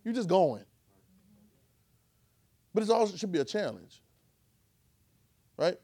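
A man preaches to his congregation. He works the room with call and response and swings between quiet explaining and loud shouted calls. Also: sits high, big pitch swings, unhurried, slightly rough. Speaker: pastor. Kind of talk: sermon. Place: church before a congregation.

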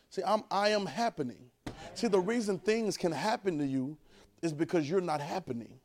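A man preaching a sermon, urging the congregation to repeat lines after him and swinging between quiet, drawn-out talk and loud bursts. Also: high voice, some chatter behind.

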